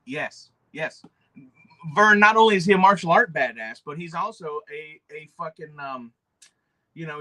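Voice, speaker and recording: A man chatting on his livestream in a bright, slightly high voice. He is excitable and rambling, and he swears freely as he talks. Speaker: livestream host showing custom figures. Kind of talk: casual livestream chat.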